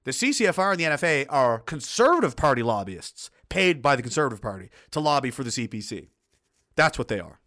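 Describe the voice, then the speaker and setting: Middle-aged guy ranting on his stream, swears a lot, bright punchy voice, keeps restarting sentences. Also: mid-range voice, very animated, fast. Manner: blunt and profane, heated outbursts; rambling with frequent restarts. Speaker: livestream host reading viewer chat. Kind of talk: casual ranting commentary.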